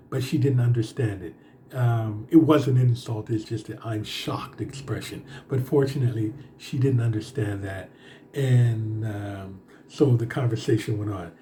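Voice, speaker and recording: A man recounts a personal story in a loose, halting vlog monologue, stopping often on fillers. His voice is very dark and mellow. A faint hiss sits under the recording. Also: medium pitch. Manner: rambling, halting, with many fillers. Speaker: vlogger.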